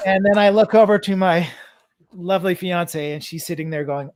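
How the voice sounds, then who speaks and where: A man's voice: sits high, moderate pace, clean tone. A man from Canada, a guest actor, telling a story on a video call, rambling with lots of fillers and breaking into laughter. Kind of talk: casual storytelling on a video chat.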